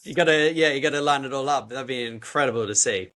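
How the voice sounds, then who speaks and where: A man's voice: medium pitch, fast talker, fairly bright tone. A male podcast host, casually chatting and backing up his guest with short replies and laughs. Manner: short backchannels, laughs along. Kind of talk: casual chat.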